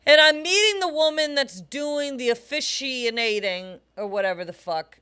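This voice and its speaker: Bright-voiced woman telling a comic story. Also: high voice, moderate pace, clear, resonant tone. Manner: emphatic storyteller, swears freely. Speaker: podcast co-host. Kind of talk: casual comedic chat.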